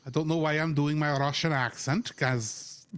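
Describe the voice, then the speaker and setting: A young man co-hosting a podcast in casual chat, animated and teasing, quick to correct his friend. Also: fairly high pitch, clear, resonant tone. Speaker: podcast co-host.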